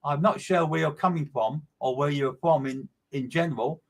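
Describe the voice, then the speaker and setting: A man's voice: fairly high pitch, normal speed. A man working as a medium, giving a live streamed reading in a repetitive, emphatic way and greeting listeners by name.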